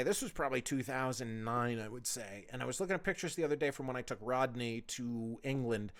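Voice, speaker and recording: A man's voice: medium pitch, fairly bright tone. A man in his forties hosting a solo podcast, telling stories in a loose, profane, chatty way. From United States. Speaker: podcast host. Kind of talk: rambling solo podcast storytelling.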